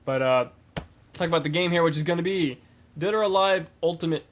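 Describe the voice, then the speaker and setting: A man's voice: a little high, a little fast, a little hiss or hum. A young man talking in a casual, rambling video blog, full of fillers and restarts. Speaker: gaming vlogger.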